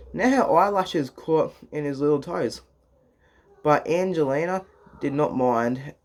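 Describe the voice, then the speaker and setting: A man reading a children's book aloud in a casual, halting way. He restarts lines and drops swear words in his asides. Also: a little high, a little mellow. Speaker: reader.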